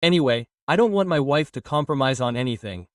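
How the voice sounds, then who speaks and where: Sweet rich young husband, guy reading his lines, light and warm, far off the mic. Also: medium pitch, expressive, fast talker, no room sound, clean studio sound, natural voice. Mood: gentle. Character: gentle, wealthy young husband in a wheelchair.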